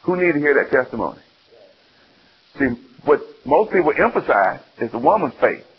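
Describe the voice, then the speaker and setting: A male preacher giving an animated sermon, acting out the scenes and putting questions to his listeners. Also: fairly high pitch, normal speed, husky, muffled recording.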